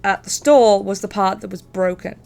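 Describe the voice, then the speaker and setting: A woman's voice: medium pitch, normal speed, creaky, darkish tone. A young adult woman streamer telling a story in casual chat, swearing freely and laughing as she talks. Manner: chatty, swears, laughs through her story.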